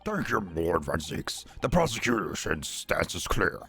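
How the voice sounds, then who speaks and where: A gruff old judge, as a man voices him, speaking in a gravelly, husky, low tone with a bright edge. He sounds formal and measured, reading from a courtroom game. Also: very animated, soft background music, exaggerated voice.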